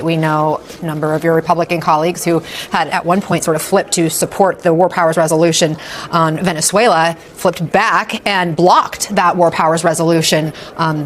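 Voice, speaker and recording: Brief: woman news interviewer, pointed measured questions, lowish voice, faint noise behind.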